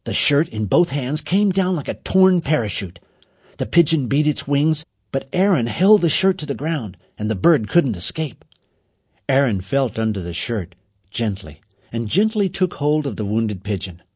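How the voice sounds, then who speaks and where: Expressive husky male storyteller. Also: medium pitch, no room sound, studio quality. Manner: expressive, measured. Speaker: narrator. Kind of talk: storybook reading.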